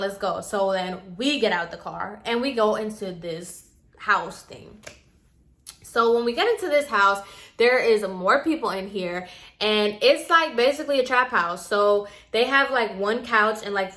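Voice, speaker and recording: Young woman vlogging a storytime, bright voice, says like nonstop, very animated. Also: medium pitch. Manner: chatty, says "like" constantly, animated retelling. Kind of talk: casual storytime.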